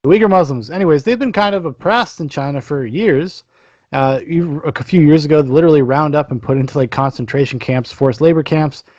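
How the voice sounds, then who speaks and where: A man's voice: fairly high pitch, brisk, darkish tone, no echo, dull audio. A man co-hosting a comedy podcast, talking sarcastically and swearing as he tells news stories. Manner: sarcastic, laughing, profane. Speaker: podcast co-host.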